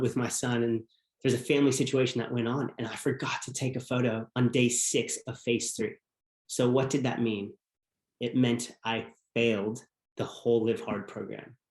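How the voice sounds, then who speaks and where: A man as a podcast guest, telling a personal story in an earnest, reflective way. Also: mid-range voice. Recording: roomy echo.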